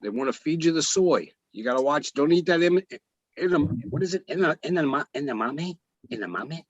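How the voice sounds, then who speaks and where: A man's voice: fairly high pitch, fairly quick, dry recording, highs cut off. A man in casual chat, joking and bantering animatedly.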